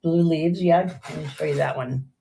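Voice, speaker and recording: A woman's voice: low voice, moderate pace, vocal fry, dark tone, slight background noise. An older woman chatting casually and rambling through a live jewelry sale, often trailing off mid-sentence. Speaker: live-stream jewelry seller.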